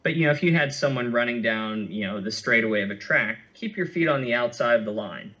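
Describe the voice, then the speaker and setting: A man's voice: medium pitch, expressive, fairly quick, pushed and bright. A man as an interview guest, explaining running injuries in a thoughtful, conversational way with many fillers and restarts, heard over a remote call. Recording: muffled lo-fi audio.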